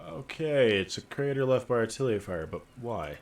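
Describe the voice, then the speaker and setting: A man's voice: mid-range voice, very animated, a little fast, hardly any pauses. A man streaming a game live, joking around and reading the dialogue aloud in his own voice.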